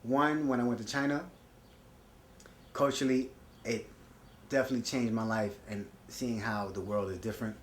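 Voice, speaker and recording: A man's voice: medium pitch, fairly even intonation, normal speed, pauses often, echoey room, slight background noise. A man telling stories in an interview, laid-back and emphatic. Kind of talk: reflective storytelling.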